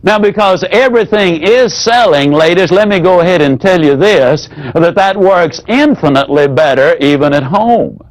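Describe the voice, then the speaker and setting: A man's voice: high-pitched, lively intonation, normal speed, few pauses, low-quality recording. Folksy man teaching a sales seminar. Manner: folksy, demonstrative, drops his voice to act out examples. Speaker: sales trainer.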